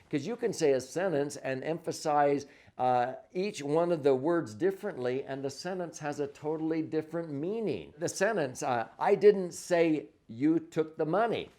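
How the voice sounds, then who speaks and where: A man's voice: on the high side, measured pace, dark tone. A man coaching couples on communication in an instructional monologue, explaining step by step with everyday examples and leaning on key words for emphasis. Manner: stresses words for emphasis, frequent "uh" and "okay?".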